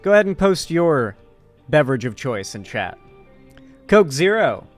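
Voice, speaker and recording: A man's voice: on the high side, sing-song, a little slow, soft background music. Joking streamer man reading chat. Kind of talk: casual live-stream commentary.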